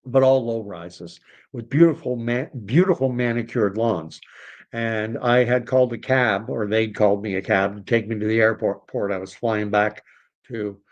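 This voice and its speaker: A middle-aged man hosting a livestream, telling a long casual story in a rambling way and correcting himself often. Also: on the low side. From Canada. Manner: rambling, self-correcting, conversational. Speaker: livestream host.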